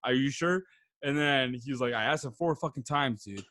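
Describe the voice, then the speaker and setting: A young man co-hosting a podcast, telling an animated, teasing story with lots of swearing. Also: medium pitch, fairly quick, no echo. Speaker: podcast co-host. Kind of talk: casual chat.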